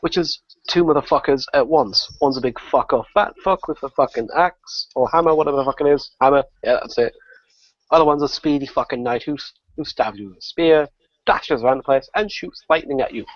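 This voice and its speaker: Man, gaming podcast guest, profane, excitable, laughing, dry dull lo-fi sound. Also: medium pitch, fairly quick, no echo. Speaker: guest gamer. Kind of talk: casual podcast chat.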